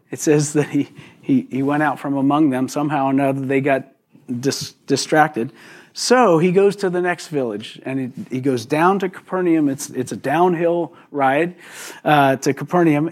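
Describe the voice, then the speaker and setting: A man preaching a sermon in a relaxed, conversational way, often putting questions to the congregation. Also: a little high. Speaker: pastor.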